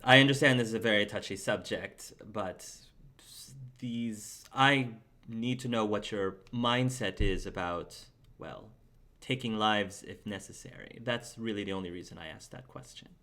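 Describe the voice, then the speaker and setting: A man's voice: fairly low pitch, unhurried, pushed and bright. A man voicing a courteous, genteel male interviewer who asks probing questions in polite, formal phrases.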